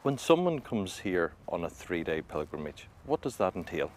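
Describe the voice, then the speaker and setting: Male interviewer, low voice, brief questions and short replies. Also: sing-song, moderate pace, dry recording.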